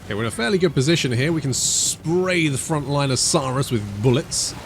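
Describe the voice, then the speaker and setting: A man's voice: medium pitch, animated, fairly quick, slight background noise. Chatty British man narrating a game. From Britain. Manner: chatty, rambling, joking asides. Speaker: gaming YouTuber. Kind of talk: casual let's-play commentary.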